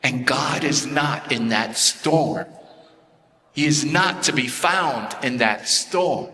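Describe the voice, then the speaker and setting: A man preaching a sermon as a priest, slow and deliberate with repeated phrases, in a church. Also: medium pitch, sharp tone. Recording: long reverb of a large church.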